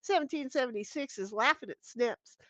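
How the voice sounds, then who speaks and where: A woman's voice: a little high, fairly quick, no echo. A middle-aged woman hosting a casual livestream from home, reading chat aloud and rambling in a frank, salty way with many restarts. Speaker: streamer host. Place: at home with her dogs. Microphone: computer mic at a desk.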